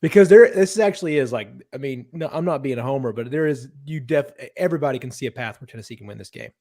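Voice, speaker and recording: A man's voice: mid-range voice, expressive, fast talker, warm tone. A man hosting a casual sports podcast, talking loosely and swearing now and then.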